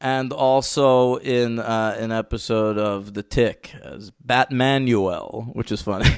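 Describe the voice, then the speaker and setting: A man co-hosting a film podcast in casual chat, excitable and swearing, teasing his co-host. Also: medium pitch, slow, clean tone, dry recording, clean studio sound.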